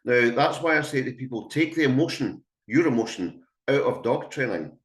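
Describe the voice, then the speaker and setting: In an echoey indoor room with an audience, the Scottish dog trainer talks at medium pitch, a bit bright, with lively intonation and moderate pace. His webinar is chatty and emphatic, and he mimics calling a dog.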